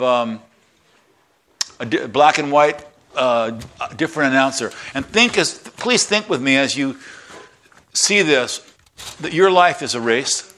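A man preaching a sermon in church, folksy and animated, sometimes shouting with excitement. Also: mid-range voice. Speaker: pastor.

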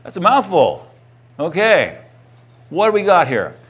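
A middle-aged male pastor preaching a sermon, reading scripture aloud and then retelling it with rising, animated emphasis. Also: a little slow, breathy edge. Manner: animated, rising in pitch and volume when retelling a quoted testimony.

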